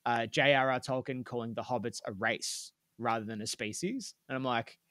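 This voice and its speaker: A man's voice: mid-range voice, fairly even intonation, moderate pace, pushed and bright, no echo, clean studio sound. A man, co-hosting a casual podcast, chatty, with lots of fillers and some swearing. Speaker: podcast co-host. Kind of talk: casual chat.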